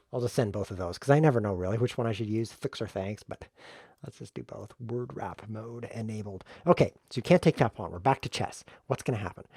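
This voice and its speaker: Male streamer for live chess commentary: mid-pitched, jokey and excitable, narrating his own moves into a dry, close mic. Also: breathy edge, dry recording. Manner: jokey, excitable self-talk while playing.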